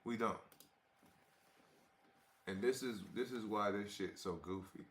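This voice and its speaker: Slangy low-voiced man from Ohio. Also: a little slow. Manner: slangy, mocking, laughs often. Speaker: reaction video host. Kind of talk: casual reaction commentary.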